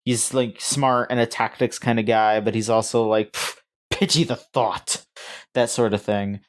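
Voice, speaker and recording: A man co-hosting a casual gaming news podcast, rambling and halting with frequent restarts and fillers. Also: lowish voice, flat delivery, clear, resonant tone. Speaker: podcast co-host.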